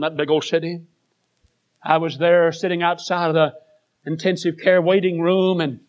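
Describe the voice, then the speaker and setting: A preacher, a man in his later years, delivering a sermon with dramatic storytelling that swings between loud passages and hushed ones. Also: high-pitched. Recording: dull lo-fi recording.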